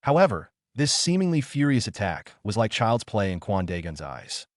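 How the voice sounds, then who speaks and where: A man's voice: on the low side, very animated, normal speed, no room sound, studio quality. A man narrating a webcomic recap in a punchy, hype-driven style.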